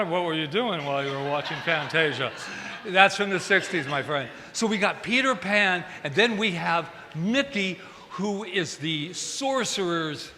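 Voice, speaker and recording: Guy giving a sermon, bright kinda high voice, acts out scenes, echoey hall. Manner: animated, acts out film scenes. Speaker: minister. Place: church hall. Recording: church hall reverb, faint room noise.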